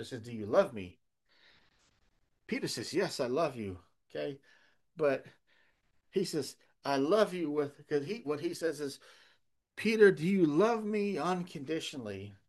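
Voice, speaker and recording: A man's voice: sits high, fairly bright tone. A man pastor preaching a sermon, earnest and emphatic, asking rhetorical questions.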